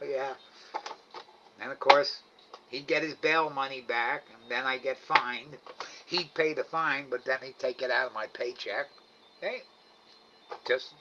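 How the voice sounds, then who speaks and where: A man's voice: fairly high pitch, measured pace, pauses often, sharp tone, a little hiss or hum. A middle-aged man hosting a livestream, chatting casually to viewers, rambling, chuckling and trailing off often. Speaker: livestream host. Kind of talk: casual chat reading viewer comments. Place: home, live night cam stream. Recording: slightly dull lo-fi stream audio.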